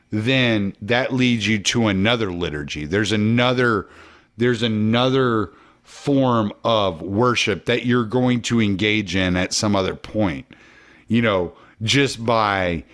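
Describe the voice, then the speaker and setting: A man in a relaxed conversation who has been drinking, talking animatedly and swearing freely. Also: fairly low pitch. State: drinking during the chat. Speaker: podcast guest or host. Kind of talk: casual conversation.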